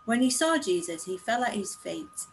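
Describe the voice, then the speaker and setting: A woman reading a scripture passage aloud in a measured, earnest way. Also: mid-range voice, sing-song, a little hiss or hum, poor audio. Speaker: scripture reader.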